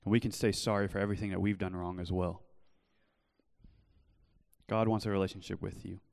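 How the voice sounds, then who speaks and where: A young man preaching earnestly in a church, telling his own story and then pleading gently with listeners. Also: low voice, flat delivery, fairly quick, creaky, smooth, big-room sound. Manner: earnest, shifts from loud storytelling to soft pleading. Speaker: pastor. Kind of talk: sermon with personal testimony. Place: church hall.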